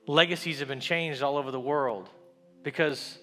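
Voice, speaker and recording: A man preaching a sermon, telling a story and building to a loud, repeated call with rising refrains. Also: a little high, normal speed, soft background music.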